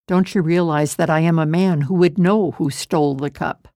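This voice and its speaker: A woman's voice: sits low, steady tone, moderate pace, dark tone, no room sound, studio quality. A woman voicing a stern Egyptian lord. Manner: stern, commanding. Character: powerful Egyptian lord, stern grown man.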